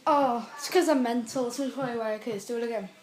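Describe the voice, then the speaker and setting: High-voiced giggly woman vlogger. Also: fast talker, darkish tone. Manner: giggly, chatty, coos at her cat. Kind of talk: casual home video chat. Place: at home. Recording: music playing in the background.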